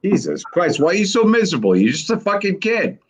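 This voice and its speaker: A man's voice: high-pitched, big pitch swings, fairly quick, slight background noise. A man on a live stream chat, bantering in a crude, teasing way.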